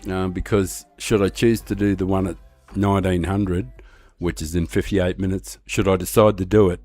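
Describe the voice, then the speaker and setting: An Australian man casually chatting on a live stream while playing a racing game, rambling and relaxed with lots of hesitations. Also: low-pitched, moderate pace, soft background music.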